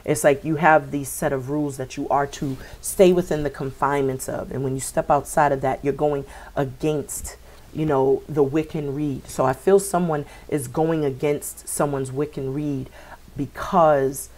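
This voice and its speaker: Low-pitched woman, rambling tarot reader, filler-heavy and repetitive. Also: steady tone, unhurried, a little mellow. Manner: meandering, repeats words, many fillers. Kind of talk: spiritual reading for viewers.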